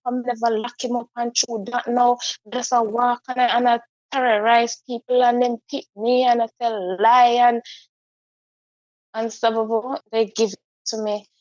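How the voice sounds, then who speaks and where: A woman, a guest telling a personal story in a halting, heartfelt way with frequent repeats. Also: a little high, darkish tone, no room sound. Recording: dull, dry lo-fi recording.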